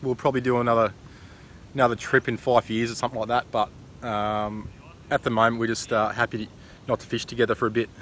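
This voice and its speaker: A man's voice: medium pitch, flat delivery, fast, a bit bright, a little hiss or hum. A man with an Australian accent casually narrating his fishing vlog in a laid-back, rambling, slangy way, talking outdoors on a boat and beach. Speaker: fishing vlogger.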